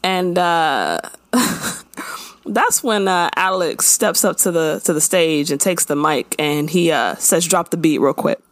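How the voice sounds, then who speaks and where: A woman co-hosting a casual recap chat, animated and playful, acting out characters' lines. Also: on the low side, takes it slowly, no room sound. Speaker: podcast co-host recapping a show.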